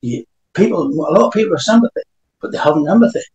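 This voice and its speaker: Male preacher, sermon, reads scripture aloud, pitched a little high, roomy hall sound. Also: animated, fast, darkish tone. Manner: emphatic, reads scripture aloud between remarks.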